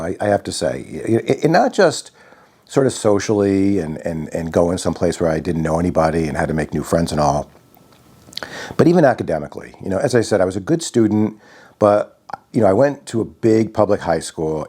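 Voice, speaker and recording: A man from Connecticut telling a personal story in a reflective, halting way, often restarting his sentences. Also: sits low, lively intonation, darkish tone, breathy edge. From Connecticut, USA.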